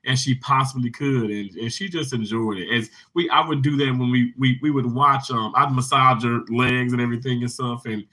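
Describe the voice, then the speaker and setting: A man with a mid-range voice hosts a casual livestream, speaking at normal speed with hardly any pauses on a rough recording. He tells a heartfelt story with many restarts, then cheerfully greets viewers in the comments in a lively, upbeat way.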